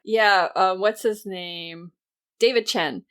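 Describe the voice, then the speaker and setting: A woman's voice: medium pitch, takes it slowly, a bit bright, smooth. A woman co-hosting a podcast in casual chat, with wry, teasing replies. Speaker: podcast co-host.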